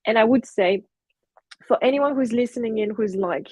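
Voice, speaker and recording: A woman's voice: on the high side, normal speed, breathy edge, dry recording, muffled recording. A young adult woman hosting a podcast, reflecting aloud and summing up for listeners. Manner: warm, reflective, thinks aloud with fillers. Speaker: podcast host. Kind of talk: casual conversation.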